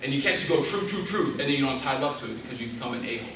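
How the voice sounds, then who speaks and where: A man's voice: medium pitch, fairly even intonation, racing, sharp tone, recorded from a distance, a little hiss or hum. A young man giving an intense, preacherly Christian talk to an audience in a large hall, building to emphatic exhortations. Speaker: guest speaker. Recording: very echoey hall, voice off-mic.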